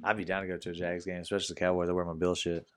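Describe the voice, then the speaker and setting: A young man co-hosting a sports podcast in a relaxed drawl that jumps up loud when he gets excited. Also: low voice, very fast, smooth. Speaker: podcast co-host. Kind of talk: casual sports chat.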